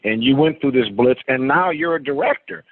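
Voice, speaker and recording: A man's voice: mid-range voice, moderate pace, no echo. A man leading a motivational conference call, giving a preachy pep talk that builds with long lists. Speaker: team leader. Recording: tinny phone line.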